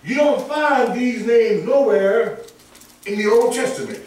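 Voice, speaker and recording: A man preaching a sermon, emphatic and animated, often rising into shouts and chuckling between points. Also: very high-pitched, measured pace. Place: church sanctuary. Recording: echoey church from far off.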